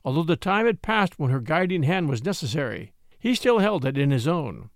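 A man narrating a story in an expressive, measured reading. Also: on the high side, no room sound, clean studio sound. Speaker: audiobook narrator.

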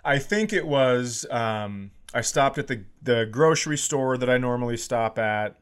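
A man in his forties tells a funny story in loose, casual chat. He acts out the people he quotes and swings between calm telling and louder bursts. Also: mid-range voice, a little slow, clean tone. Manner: animated, acts out quoted voices loudly. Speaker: podcast co-host.

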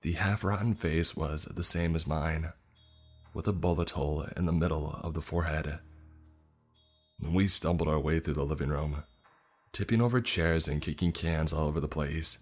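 A man narrates a horror story in a tense, measured way, his voice very deep and husky. Faint music plays under the reading.

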